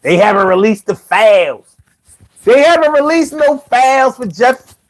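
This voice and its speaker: Very high-voiced and unhurried, a man chats with viewers and reads chat on a casual livestream. He rambles in slangy, profane speech full of repeats, while his bongos and faint music play in the background.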